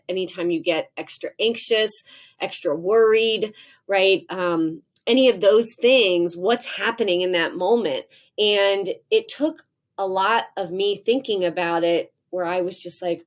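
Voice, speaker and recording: A woman in her forties talking candidly as an interview guest, laughing often and acting out her own angry outbursts. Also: mid-range voice. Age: 40s. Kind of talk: casual interview talk.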